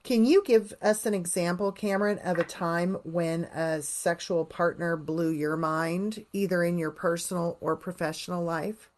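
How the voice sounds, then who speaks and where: A woman's voice: fairly low pitch, steady tone, normal speed, hardly any pauses, a little mellow, slight background noise. A woman co-hosting a podcast in casual chat, supportive, asking her guest questions. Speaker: podcast co-host.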